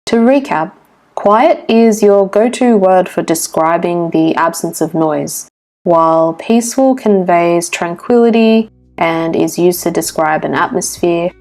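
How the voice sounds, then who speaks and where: A woman teaching an English vocabulary lesson from a script, with clear, measured explanatory reading. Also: on the low side, darkish tone, faint music behind.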